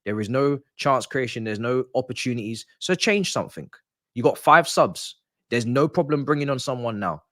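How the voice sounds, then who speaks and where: A man's voice: medium pitch, lively intonation, moderate pace, a bit bright, no room sound, studio quality. A man hosting a live football watch-along, ranting in frustration and dropping into muttered asides. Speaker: live stream host.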